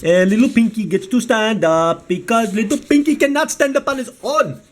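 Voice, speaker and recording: A man's voice: high voice, normal speed, pitched above the performer's own voice, close to an everyday voice. A man voicing a small goofy male pink toy creature in a put-on silly accent. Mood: cooing.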